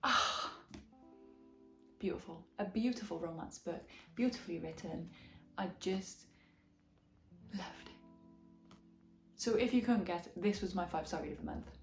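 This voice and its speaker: A woman's voice: lowish voice, moderate pace, long pauses. A young Welsh woman with a slight Midlands twang, chatting frankly and enthusiastically as she reviews books. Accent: Welsh, with a slight English Midlands twang. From Wales. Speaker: book vlogger. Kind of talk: casual book review. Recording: echoey room with soft background music.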